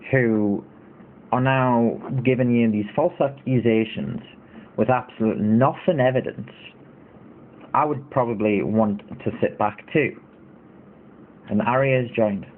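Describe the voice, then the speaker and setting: Indignant man ranting on a stream. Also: mid-range voice. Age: 30s. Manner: indignant, rambling with many fillers. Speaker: livestream host. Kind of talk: casual livestream commentary. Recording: tinny phone-like audio.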